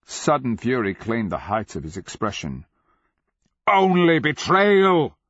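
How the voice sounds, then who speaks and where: A man narrating a fantasy audiobook in a measured, grave, deliberate way. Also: lowish voice, big pitch swings, slightly rough, no room sound. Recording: dull lo-fi audio.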